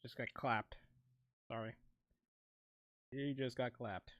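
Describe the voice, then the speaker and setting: This young man's voice is medium in pitch, steady and fairly bright, and he speaks slowly. He's streaming as he makes music, chatting in a rambling way, interrupting himself and laughing frequently.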